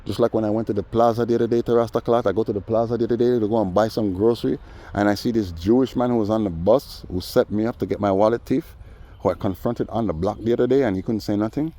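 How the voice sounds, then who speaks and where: A low-voiced man rants through a street story. His tone is mellow and dark. He is animated and acts out other people's lines as he goes. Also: fast talker. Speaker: vlogger. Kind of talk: casual storytelling rant.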